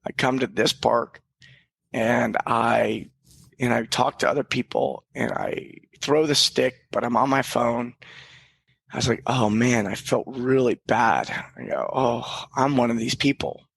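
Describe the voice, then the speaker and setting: Podcast guest, male, gravelly mid-pitch voice, dry close sound, candid and reflective. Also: unhurried, fairly bright tone, dry recording. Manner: earnest, reflective, casual swearing, frequent restarts. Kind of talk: candid personal storytelling.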